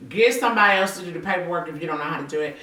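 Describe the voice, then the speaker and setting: A woman hosting a casual faith-based interview, animated and playful, acting out quotes with big jumps in her voice. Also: on the low side, racing, echoey room, recorded from a distance, low-quality recording. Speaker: podcast host.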